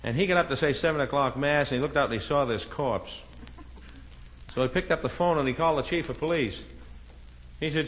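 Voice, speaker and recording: A comedian from Boston with a Boston accent, telling a string of stand-up jokes and punchlines, raising his voice when he plays the characters. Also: fairly bright tone. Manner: brisk storytelling with punchlines, voices the characters with a raised pitch. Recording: old comedy record with a noisy background.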